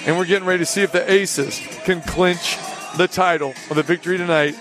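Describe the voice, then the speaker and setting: A man hosting a live radio show from an arena, telling a story in a casual, animated way and acting out the people in it. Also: high voice, fairly quick. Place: arena during a live broadcast. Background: music and an arena crowd.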